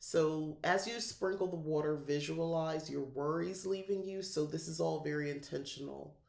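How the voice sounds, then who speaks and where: A middle-aged woman hosting a podcast, teaching a calming ritual in a rambling, relaxed way and laughing often. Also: deep voice, a little slow, vocal fry, echoey room. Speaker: podcast host and spiritual guide. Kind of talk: casual livestream teaching.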